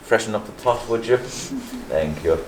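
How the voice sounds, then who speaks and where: A man's voice: on the low side, unhurried, close to an everyday voice. Nosy catholic priest, played by a man, liverpool accent, stuttery and smug, roomy stage sound, faint hiss. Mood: smug, probing. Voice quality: pompous, hesitant with ums and repeated words. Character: meddling middle-aged Catholic priest, pompous. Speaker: parish priest. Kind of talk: stage play acting. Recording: echoey stage with faint noise.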